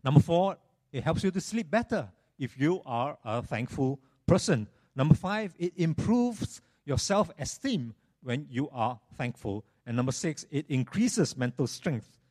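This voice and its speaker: A man preaching a sermon in an animated, storytelling manner, often repeating his phrases. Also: mid-range voice.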